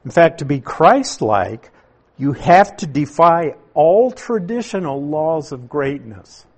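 A man preaching a sermon, teaching through a Bible passage in a slow, deliberate way with emphatic stresses. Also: fairly high pitch, sing-song, husky. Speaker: pastor.

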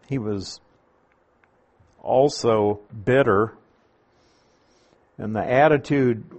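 A man preaching a sermon, teaching through a Bible passage verse by verse in a deliberate, emphatic way. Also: medium pitch, darkish tone.

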